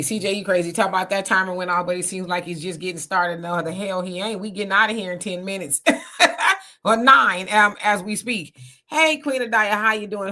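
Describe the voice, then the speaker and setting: A woman hosting a live online conversation, relaxed and playful, with drawn-out fillers. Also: mid-range voice. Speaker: host. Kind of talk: casual live show chat.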